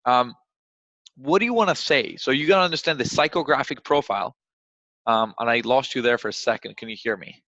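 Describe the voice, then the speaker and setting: A man coaching on cold calling over a video call, often acting out phone exchanges in a raised, lively voice. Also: medium pitch, fairly quick, no room sound. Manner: acts out phone calls in a raised voice. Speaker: sales trainer. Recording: dull, dry video call audio.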